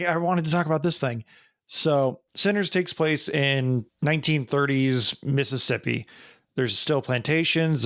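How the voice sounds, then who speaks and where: A man co-hosting a podcast in casual chat, talking in an animated, rambling way with plenty of fillers. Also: medium pitch, no room sound, clean studio sound. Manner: animated, chatty, frequent fillers. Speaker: podcast co-host.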